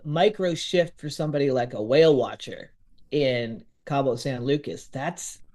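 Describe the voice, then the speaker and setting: A man telling a story in lively podcast chat, acting out what others said. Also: mid-range voice, moderate pace. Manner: lively, acts out quotes of others.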